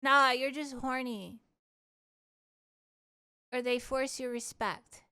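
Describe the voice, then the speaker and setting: A woman's voice: high voice, slow pace, bright, forceful tone, smooth. A young woman streamer chatting casually with her live chat, playful and giggly, trying out words with a mock French accent.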